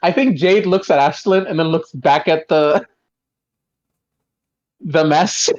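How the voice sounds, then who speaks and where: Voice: mid-range voice, takes it slowly, a little mellow. Hesitant player on a dull mic. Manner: hesitant, trailing off. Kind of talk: tabletop game narration.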